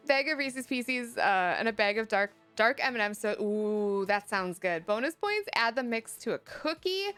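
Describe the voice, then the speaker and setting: A woman, chatting casually on a live stream, animated and laughing often as she answers chat. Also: mid-range voice, measured pace, faint music behind.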